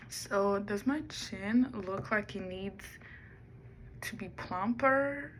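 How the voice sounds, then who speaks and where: A woman's voice: medium pitch, takes it slowly, fairly bright tone, a little hiss or hum, low-quality recording. A woman talking to the camera in a rambling personal vlog, musing aloud and drifting between topics. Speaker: vlogger.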